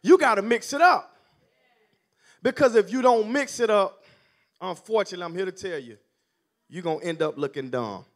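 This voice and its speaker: A male minister preaching a sermon with call-and-response, building from calm teaching to near shouting. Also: high voice, normal speed, long pauses.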